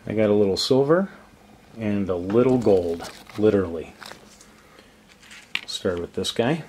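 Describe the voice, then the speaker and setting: A man with a low voice talks through his coin collection in an easy, unhurried way. He sounds chatty and openly delighted by what he shows, with a faint background hum. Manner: relaxed, chatty, enthusiastic about coins. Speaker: coin collecting channel host. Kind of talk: casual show-and-tell vlog.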